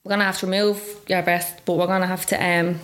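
A young Irish woman telling a personal story in casual chat, acting out what others said with big jumps in her voice. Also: quick pace. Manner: animated, acts out quoted speech with big pitch jumps. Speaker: guest.

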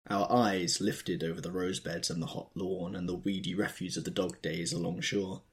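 A man narrating a novel in a measured, expressive way. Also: low voice. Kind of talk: audiobook narration.

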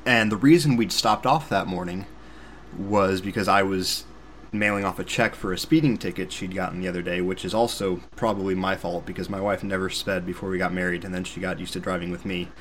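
A young man with a fairly low voice tells a story on a podcast. His delivery is casual and animated, self-deprecating, and sprinkled with sarcastic asides. There is a faint hum of noise behind him. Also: fairly quick. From Missouri, USA. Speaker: podcast host.

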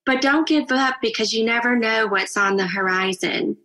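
A woman's voice: a little high, normal speed, bright, forceful tone, poor audio. A woman co-hosting a podcast, talking in an earnest, reflective way in casual chat. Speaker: podcast co-host.

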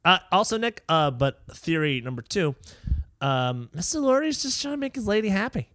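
A man's voice: high voice, sing-song, fairly bright tone, no room sound, clean studio sound. A man co-hosting a casual comedy podcast, playfully building up silly hypotheticals. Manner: playful, drawn-out setups, laughing. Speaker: podcast co-host.

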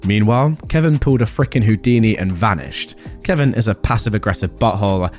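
A male storyteller narrates with sarcastic humor and comic asides. His pitch moves up and down a lot as he tells it. Soft background music sits under his voice. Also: lively intonation, fairly quick.

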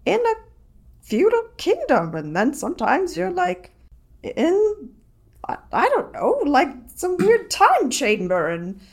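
A woman voicing a chirpy working-class storyteller in a put-on British accent, with sing-song, drawn-out phrases. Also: very high voice, wildly swooping pitch, creaky, pitched above the performer's own voice, exaggerated voice.

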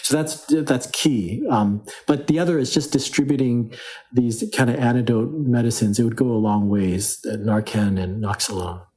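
A male reporter answering interview questions, searching for words with frequent fillers and restarts. His voice sits at an ordinary middle pitch. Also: steady tone, moderate pace, dark tone, rough recording. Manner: hesitant, heavy on fillers and restarts.

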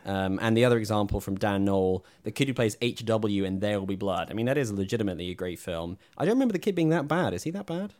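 Low-voiced wry man chatting. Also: animated, fast, few pauses, darkish tone. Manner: wry, chatty, laughs often. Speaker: podcast co-host. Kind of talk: casual film chat.

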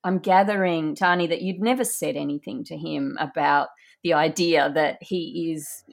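A woman hosting a podcast interview, asking gentle, empathetic questions. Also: low voice, fairly even intonation, moderate pace, gravelly. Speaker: podcast host.

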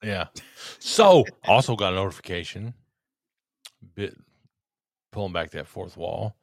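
A man's voice: sits low, expressive, measured pace, creaky, no echo, clean studio sound. A man co-hosting a podcast in casual chat, tipsy from drinking, rambling, joking and swearing freely. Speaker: podcast co-host.

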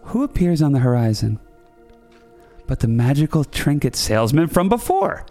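Gravelly man telling a comic tale. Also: medium pitch, sing-song, normal speed, darkish tone, soft background music. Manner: rambling, self-correcting, playful. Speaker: podcast host. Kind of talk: comic storytelling.

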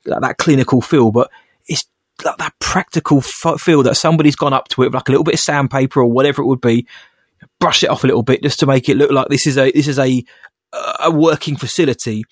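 A man's voice: mid-range voice, fast, slightly rough, dry recording. Chatty man on a dry podcast mic. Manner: rambling, animated, frequent restarts. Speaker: podcast co-host. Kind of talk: casual podcast chat.

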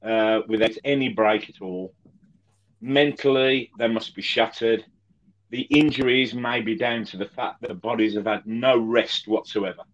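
A man talking as a fan guest on a video call, slow and measured with many "um" pauses. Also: lowish voice, dull audio, a little hiss or hum. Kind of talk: casual chat.

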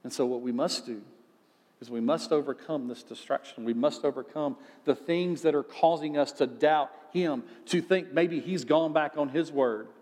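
Man, pastor, conversational sermon, rhetorical questions, slightly high pitch, long reverb. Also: moderate pace, darkish tone.

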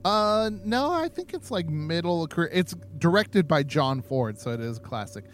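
A man's voice: on the high side, big pitch swings, normal speed. A man co-hosting a podcast in casual chat, jokey and playful, laughing often. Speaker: podcast co-host.

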